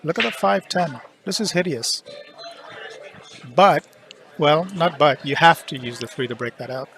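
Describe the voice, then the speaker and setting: A man with a bright, forceful voice calls a pool match live from a headset in the commentary booth. He jokes between shots and gives blunt opinions on the table layout. Faint music sits behind him. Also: fairly high pitch, a little slow. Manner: joking, opinionated about shots.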